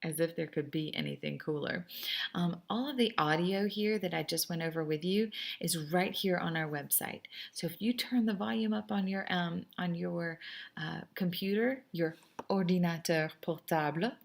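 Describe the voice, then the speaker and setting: A woman's voice: lowish voice, moderate pace, vocal fry. A woman French teacher giving a recorded class lesson in an upbeat, chatty, encouraging way at a computer microphone.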